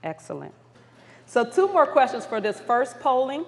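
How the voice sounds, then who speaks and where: Her voice sits high and very animated, with vocal fry, at a moderate pace as she steers a summit crowd through polling questions. The facilitator stays upbeat and encouraging, turns apologetic when flustered, and the big conference hall leaves a long reverb.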